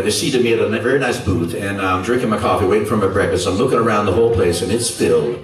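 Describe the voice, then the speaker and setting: A rock singer telling a story to his audience between songs, with dramatic pauses and teasing asides to the crowd. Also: deep voice. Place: concert club stage. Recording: echoey club from far, loud crowd.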